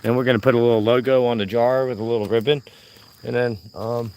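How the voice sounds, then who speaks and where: A man chatting to his viewers on a live vlog while walking a trail, his voice hoarse from yelling. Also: medium pitch, steady tone, fast. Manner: chatty, talks to himself and viewers. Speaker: vlogger. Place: outdoor nature trail.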